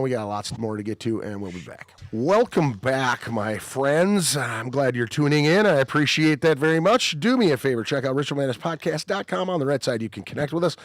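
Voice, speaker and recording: A man's voice: medium pitch, dry recording, studio quality. Swearing, rambling male podcast host. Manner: swears constantly, rambling storyteller. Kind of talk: casual chat.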